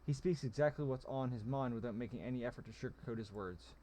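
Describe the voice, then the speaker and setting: A man's voice: medium pitch, fast talker, mellow, a little hiss or hum, close to an everyday voice. A man voicing a shrewd, calculating male goblin general who explains things at length. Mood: scheming.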